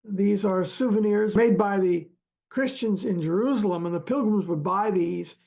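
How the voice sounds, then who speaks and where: Male archaeologist, gravelly, unhurried storyteller, hesitant with frequent fillers. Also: high voice, a little mellow. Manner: halting, many fillers and restarts, chuckles often. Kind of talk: relaxed storytelling chat.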